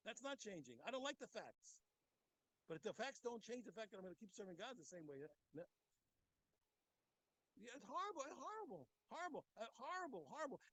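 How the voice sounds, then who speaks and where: Man, rabbi, fast-paced, high voice, emphatic, repetitive, Torah class. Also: low-quality recording. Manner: emphatic, repeats words, talks straight to listeners. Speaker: rabbi teaching a daily Talmud class.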